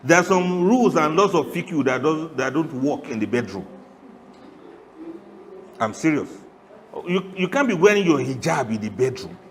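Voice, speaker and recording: Animated man preaching with laughs. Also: fairly high pitch, moderate pace, long pauses, big-room sound, a little hiss or hum. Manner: animated, humorous, laughs often, asks the audience questions. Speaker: Islamic preacher. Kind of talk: lively sermon.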